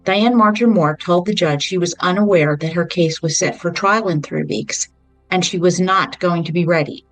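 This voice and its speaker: A woman with a lowish voice recounts a true-crime case as a podcast host, keeping an even, measured storytelling pace and now and then dropping in a short personal aside. The recording is dry and close, with faint music underneath. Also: no echo, rough recording. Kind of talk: true-crime book retelling.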